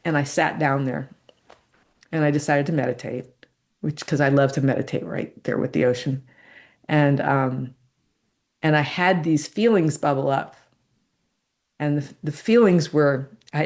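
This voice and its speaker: A middle-aged woman, a podcast guest, telling a personal story in a candid, reflective way and laughing softly between thoughts. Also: sits low, normal speed, long pauses.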